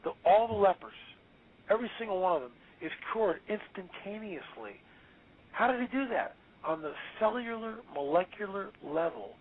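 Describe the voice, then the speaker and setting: A male author talking as an interview guest, emphatic and preachy, quick to exclaim. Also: sits high, a little hiss or hum. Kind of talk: animated interview talk. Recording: tinny phone-line audio.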